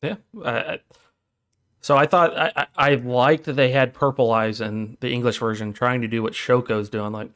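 A man co-hosting a podcast in casual chat, profane and retelling scenes with quick acted quotes. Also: mid-range voice, steady tone, fairly bright tone. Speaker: podcast co-host.

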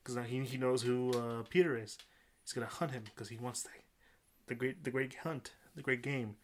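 A man's voice: medium pitch, fairly even intonation, moderate pace. Rambling man on a casual podcast. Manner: rambling, repeats words and restarts often. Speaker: podcast co-host. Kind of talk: casual chat.

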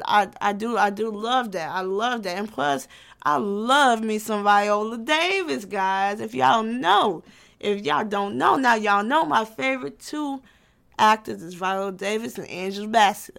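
A woman's voice: a little high, gravelly, fairly bright tone. A woman in her twenties talking casually as a vlogger, loose and profane, often restarting her sentences. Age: 20s. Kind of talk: casual chat.

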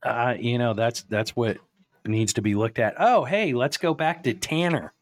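A man's voice: medium pitch, a little slow, no room sound. A man hosting a podcast, rambling through stories and chuckling as he goes. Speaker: podcast host. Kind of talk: casual chat.

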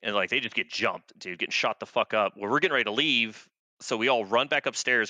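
Veteran male guest, 30s, crisp dry close-mic sound, casual profane storyteller. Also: lowish voice, sharp tone, no echo. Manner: laid-back, profane, rambling with many fillers.

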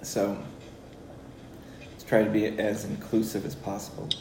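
Slow-talking man in an echoey room. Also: fairly low pitch, monotone, warm tone. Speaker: podcast co-host. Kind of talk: casual chat. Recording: echoey room, faint noise.

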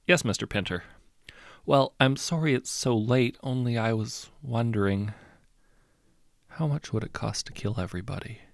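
A man's voice: mid-range voice, moderate pace, vocal fry, no room sound, studio quality, natural voice. A man voicing a nervous, timid office clerk who stammers and apologizes.

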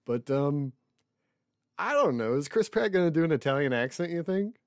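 A man's voice: on the high side, lively intonation, normal speed, no room sound, studio quality. Wry, chatty man co-hosting a podcast. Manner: wry, chatty, reads news items aloud. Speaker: podcast co-host. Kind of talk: casual chat.

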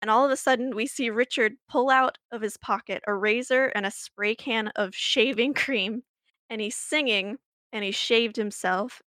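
A woman's voice: mid-range voice, fairly bright tone, dry recording, clean studio sound. Chatty woman telling a story. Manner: chatty, laughing, many fillers and restarts. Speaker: podcast co-host. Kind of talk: casual chat, storytelling.

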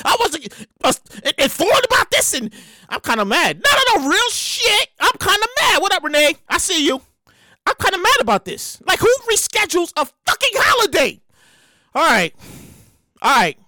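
A woman's voice: sits high, sing-song, fairly quick, bright, forceful tone, dry recording. A woman hosting a show, ranting in casual, profane talk and repeating herself in exasperation. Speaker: podcast host. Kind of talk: casual comedic rant.

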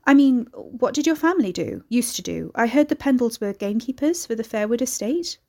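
A woman's voice: on the high side, expressive, a little fast, vocal fry, a little mellow, pitched above the performer's own voice. A woman reading aloud, voicing a curious, nervous young woman who answers in a raised, hesitant voice. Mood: eager.

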